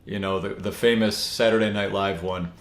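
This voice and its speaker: Guy rambling through a chill spiritual talk, kinda low voice, lots of ums. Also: moderate pace. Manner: relaxed, rambling, many fillers and restarts. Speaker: spiritual teacher. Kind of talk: casual spoken teaching. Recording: echoey room.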